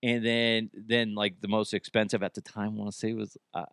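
A man's voice: fairly low pitch, little pitch movement, fairly quick, vocal fry, fairly bright tone, clean tone, no room sound, clean studio sound. A man hosting a podcast, rambling through a crude comedic monologue and laughing at his own jokes. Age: middle-aged. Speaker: podcast host.

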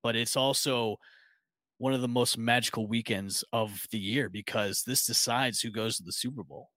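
A man co-hosting a casual sports podcast, talking excitedly and rambling with lots of restarts. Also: mid-range voice, no echo. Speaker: podcast co-host. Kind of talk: casual chat.

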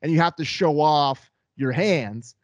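A man co-hosting a sports podcast in casual chat, enthusiastic and quick to laugh. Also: a little high, no echo.

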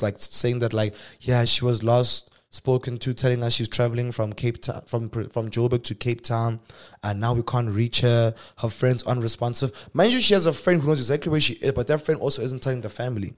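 A young South African man hosting a show, telling a personal story casually and swinging from hushed asides to loud exclamations. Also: medium pitch, brisk. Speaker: podcast host.

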